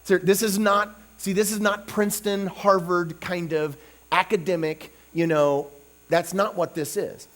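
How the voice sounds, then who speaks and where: A man preaching a revival sermon in a conversational way, often checking in with "okay?" and "you know", swinging between soft asides and loud emphatic bursts. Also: high voice, steady tone, unhurried.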